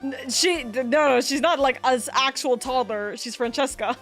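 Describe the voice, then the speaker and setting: A woman's voice: high-pitched, moderate pace, fairly bright tone, soft background music. A woman streamer leading a game session, chatting in an upbeat, talkative way. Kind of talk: casual chat.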